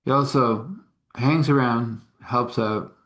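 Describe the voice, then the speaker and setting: A man's voice: medium pitch, takes it slowly, a bit bright. A man telling a story in a casual, folksy way with chuckling asides.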